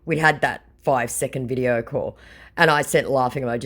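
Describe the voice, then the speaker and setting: An Australian woman with a strikingly low voice talks casually about her chats, blunt and sarcastic, with the odd swear word tossed in. She reads messages aloud as if recounting gossip. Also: lively intonation, brisk. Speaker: scam-baiting channel host. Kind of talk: casual chat reading out messages.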